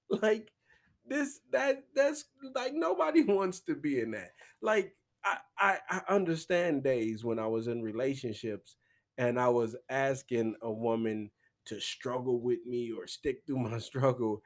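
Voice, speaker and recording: A man hosting a comedic solo podcast, rambling and swearing as he laughs through his own words. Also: high voice. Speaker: podcast host.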